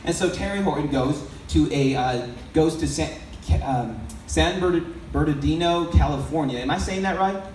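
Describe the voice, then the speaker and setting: A man's voice: on the high side, moderate pace, few pauses, a little mellow. A man giving a sermon-like storytelling talk to an audience, loose and conversational, often asking the crowd questions. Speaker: speaker addressing an audience. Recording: echoey hall, mic far off, faint background noise.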